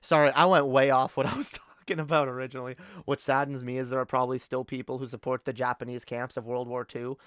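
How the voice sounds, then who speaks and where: A woman's voice: rumbling low, steady tone, quick pace, few pauses, clear, resonant tone, dry recording, clean studio sound. A woman from Canada streaming a heated, profane rant, often stumbling and repeating words. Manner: angry, profane, with frequent restarts and repeated words. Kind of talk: ranting commentary on a live stream.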